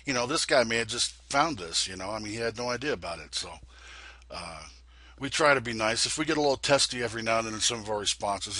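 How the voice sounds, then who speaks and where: Stuffed-up guy with a husky, bright voice rambling through a sim tutorial, lots of restarts. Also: on the low side, no echo. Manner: rambling, restarts often, folksy. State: congested from a sinus infection. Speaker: flight sim video host. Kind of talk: casual tutorial talk.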